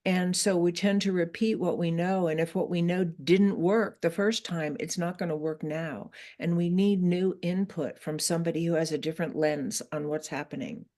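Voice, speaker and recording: A woman's voice: fairly low pitch, steady tone, normal speed, hardly any pauses, warm tone. A woman therapist and author as an interview guest, explaining her ideas in a thoughtful way.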